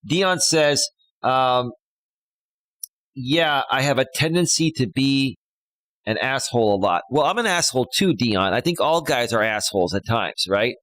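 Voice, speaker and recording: A man of middle pitch hosts a casual live stream from home, chatting and handing out relationship advice. His voice comes through a tuned studio mic with a dry, close sound and no room echo. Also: expressive, measured pace, a bit bright. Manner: chatty, gives relationship advice, reads comments aloud. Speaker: life coach and live stream host. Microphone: studio microphone.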